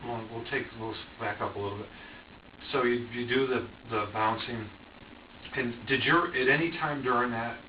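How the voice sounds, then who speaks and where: A man questioning a suspect with calm, brief, probing questions. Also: medium pitch, normal speed, slight background noise. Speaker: police interrogator. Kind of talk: police interrogation questions. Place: interrogation room. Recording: distant, echoey, dull room recording.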